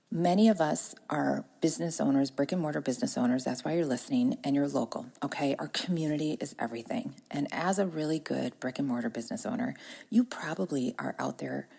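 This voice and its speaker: A woman talks in a casual podcast monologue, upbeat and chatty, laughing often. Her voice sits low with a gravelly, slightly husky texture. She records from a corner of her home. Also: a little fast, warm tone. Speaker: podcast host and business coach.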